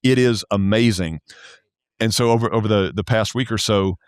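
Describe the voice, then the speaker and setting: A man's voice: lowish voice, normal speed, clear, resonant tone, dry recording, clean studio sound. A man with a Southern American accent, a guest on a podcast, talking earnestly and often repeating words as he starts a thought. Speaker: podcast guest, church accounting specialist. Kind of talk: casual interview conversation.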